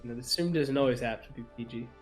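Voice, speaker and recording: A man's voice: mid-range voice, fast talker, darkish tone, faint music behind. A man hosting a gaming stream in casual chat, upbeat and joking, reading viewer comments aloud. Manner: upbeat, reads chat aloud, jokes around. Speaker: streamer host.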